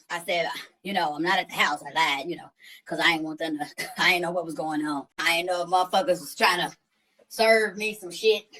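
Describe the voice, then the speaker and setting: A woman's voice: lowish voice, pushed and bright, low-quality recording. A woman who hosts a livestream, telling a story in casual, profane, slang-heavy chat. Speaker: livestream host.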